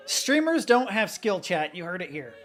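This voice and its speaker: A man's voice: high-pitched, big pitch swings, normal speed, a bit bright, soft background music. Profane, chatty streamer man. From Kentucky. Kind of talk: casual reaction commentary.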